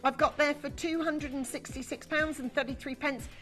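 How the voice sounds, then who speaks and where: A woman's voice: high voice, steady tone, moderate pace, a bit bright, faint music behind. A woman presenting on a shopping channel from a TV studio, talking in gushing, chatty sales patter.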